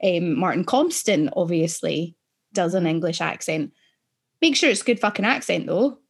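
A woman's voice: on the low side, expressive, moderate pace, gravelly, slightly rough. Woman from scotland, podcast co-host, casual chat, blunt, sweary.

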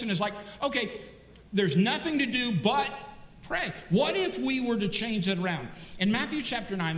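Male pastor with a high voice, lively sermon delivery, in a roomy church hall. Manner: animated storytelling with repeated words and restarts. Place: church sanctuary. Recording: echoey church hall reverb.

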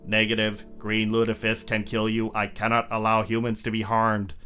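A man voicing a calm, formal talking car computer with a clipped, flat delivery. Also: fairly low pitch, moderate pace, faint music behind.

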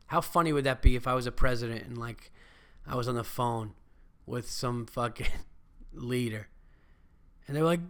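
A man's voice: medium pitch, normal speed, long pauses, fairly bright tone, clean tone. A man hosting his own podcast, talking alone in a loose, profane, rambling and jokey way. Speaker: podcast host. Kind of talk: casual solo podcast monologue.

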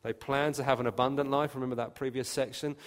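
A man preaching a sermon, emphatic, with his voice lifting and growing louder when he quotes scripture. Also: medium pitch, fairly even intonation, quick pace. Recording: long reverb of a hall.

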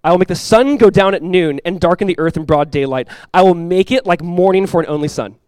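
Male pastor, rapid sermon delivery, slightly high voice, dry close sound; emphatic, climbs on scripture quotes. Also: darkish tone, clear, resonant tone, dry recording. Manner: emphatic preaching, voice climbs and swells when quoting scripture; conversational asides with quick restarts.

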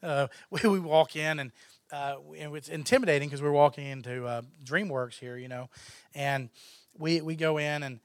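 Animated man telling a story. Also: fairly high pitch, normal speed, smooth, no room sound, clean studio sound. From Texas, USA. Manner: animated, laughs often, acts out others' lines. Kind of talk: casual anecdote telling.

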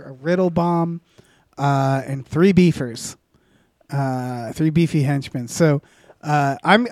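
A man's voice: fairly high pitch, no echo, clean studio sound. A man co-hosting a comedy podcast, rambling through an improvised story with many filler sounds and restarts. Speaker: podcast co-host.

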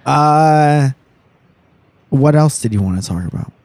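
A man's voice: on the high side, animated, unhurried, darkish tone, no room sound. A young man co-hosting a casual podcast, rambling and joking with crude, profane humor. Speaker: podcast co-host.

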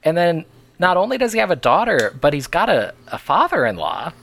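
A man co-hosting a podcast in casual chat, animated and laughing often. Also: on the high side, a little fast, gravelly. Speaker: podcast co-host.

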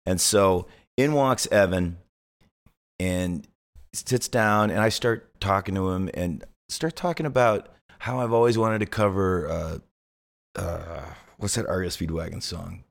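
A man co-hosting a podcast, chatting casually and acting out voices in a lively anecdote. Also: low-pitched, measured pace, vocal fry. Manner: acts out voices in anecdotes, swears freely. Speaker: podcast co-host and musician. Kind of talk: casual chat, animated storytelling.

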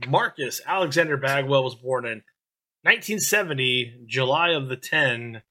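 Bright, upbeat male podcast host. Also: mid-range voice, lively intonation, normal speed. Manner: upbeat, reads the show intro. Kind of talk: casual podcast chat.

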